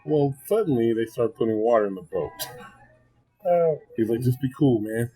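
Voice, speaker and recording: A man telling a funny story in casual chat, animated and laughing often, his voice jumping high when excited. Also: moderate pace, slightly rough, soft background music, low-quality recording. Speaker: podcast guest. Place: restaurant table.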